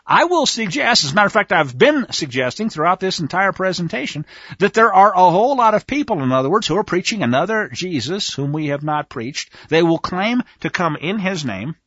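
A man leads a conversational Bible study in a high voice that leaps around his range. He is emphatic and speaks straight to his listeners. The recording is dry and a little dull. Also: a little fast, no echo. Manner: animated, emphatic, talks to listeners directly. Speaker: Bible teacher.

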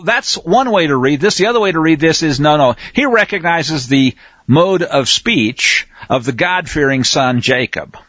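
A man's voice: high-pitched, a bit bright, no room sound, highs cut off. A man teaching a scripture lesson in a conversational way, often checking in with his listeners. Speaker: Bible study teacher.

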